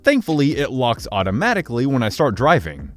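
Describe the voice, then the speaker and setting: A man reading Reddit stories aloud in a lively, expressive way. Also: medium pitch, a little fast, soft background music. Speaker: story narrator.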